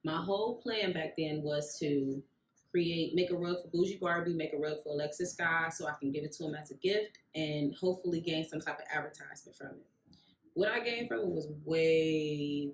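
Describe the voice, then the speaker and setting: A woman tells her story in a casual vlog, acting out what each person said along the way. Her voice sits a bit low. The room around her is echoey. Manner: animated storyteller, acts out quoted voices. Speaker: vlogger, rug maker.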